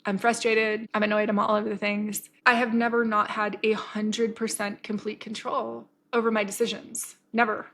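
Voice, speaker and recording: A woman's voice: mid-range voice, little pitch movement, normal speed, hardly any pauses, a bit bright, slight background noise. Blunt, candid woman telling a story. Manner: candid and swears freely; retells scenes with quoted dialogue. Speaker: podcast host. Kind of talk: casual storytelling.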